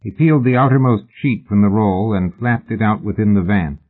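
A man narrating an audiobook in a measured, even storytelling manner. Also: fairly low pitch. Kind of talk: scripted narration. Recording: tinny phone-like audio.

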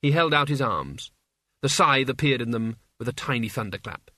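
A man reading an audiobook as its narrator, in an even, measured storytelling manner. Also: mid-range voice, no room sound, clean studio sound.

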